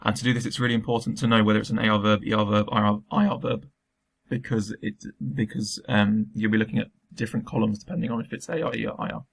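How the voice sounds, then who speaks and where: A man's voice: fairly low pitch, little pitch movement, fast talker, gravelly, slightly rough. A man teaching a recorded remote lesson, explaining patiently step by step with frequent ums.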